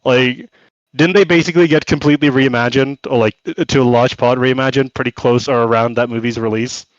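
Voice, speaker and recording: A man co-hosting a podcast in casual reaction chat, sarcastic and quick to laugh. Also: medium pitch, steady tone, no echo, dull audio. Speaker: podcast co-host.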